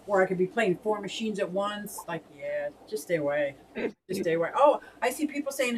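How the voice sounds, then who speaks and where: A woman's voice: mid-range voice, big pitch swings, normal speed, recorded from a distance, a little hiss or hum, poor audio. A woman co-hosting a casual fish hobby live stream, chatting and laughing as she reads out viewer comments.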